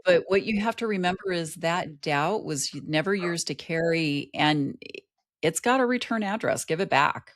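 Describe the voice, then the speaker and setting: A woman's voice: on the low side, animated, moderate pace. A middle-aged woman, a life coach, talking earnestly as a guest in an interview and telling personal stories. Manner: earnest storytelling. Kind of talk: conversational interview.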